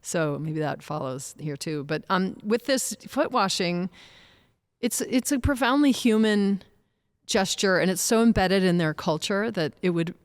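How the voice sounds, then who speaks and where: A woman's voice: fairly low pitch, expressive, measured pace. A woman co-hosting a church podcast, reflecting on scripture in an engaged, affirming way. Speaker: podcast co-host. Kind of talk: conversational scripture discussion.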